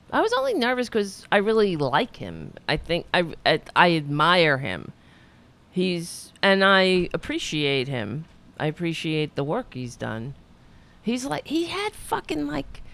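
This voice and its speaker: A woman's voice: lowish voice, big pitch swings, measured pace, gravelly, fairly bright tone. A middle-aged woman hosting a show, rambling, swearing and mocking herself in a casual chat. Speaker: podcast host. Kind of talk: casual self-deprecating chat after an interview.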